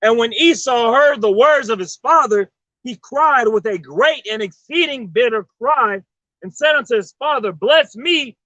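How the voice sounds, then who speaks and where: A man with a very high and bright voice reads scripture aloud and names each verse number before he reads it. The sound is dry and dull, with no room echo. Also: animated, measured pace. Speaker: scripture reader. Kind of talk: reading Bible verses aloud.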